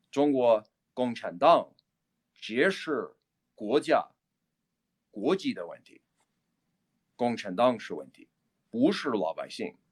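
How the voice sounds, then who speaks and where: A man's voice: mid-range voice, a little mellow, husky. Guy from philly on a livestream, mid voice, keeps laughing and repeating himself. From Philadelphia. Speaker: livestream host. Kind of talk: casual livestream talk answering chat.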